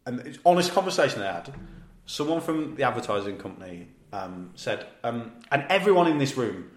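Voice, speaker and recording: A man with an East Midlands accent, from Leicester, co-hosting a podcast and telling a long anecdote in a lively, laughing way, with the odd swear. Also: mid-range voice, fairly quick, roomy sound. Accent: East Midlands English. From Leicester, England. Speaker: podcast co-host. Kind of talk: casual storytelling chat.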